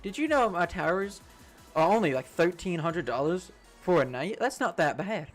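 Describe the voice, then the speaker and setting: A man doing a quick impression of a boastful male tycoon who keeps pitching his own products and family. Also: lively intonation, faint music behind.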